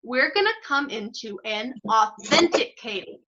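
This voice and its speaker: A woman teaching an online group music lesson, giving slow step-by-step instructions and praising students by name. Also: high voice, very animated, pushed and bright. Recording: dull lo-fi audio.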